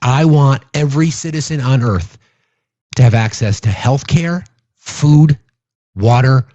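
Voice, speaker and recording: A man's voice: mid-range voice, measured pace, warm tone, dry recording, lo-fi sound. A man giving a casual political rant to his viewers, sarcastic, mocking and profane. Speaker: political commentator.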